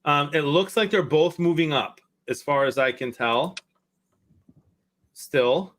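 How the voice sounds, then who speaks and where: A man's voice: on the high side, slow, a bit bright. A man co-hosting a casual live sports stream, easygoing and laughing as he reads things out. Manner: easygoing, laughs while reading aloud.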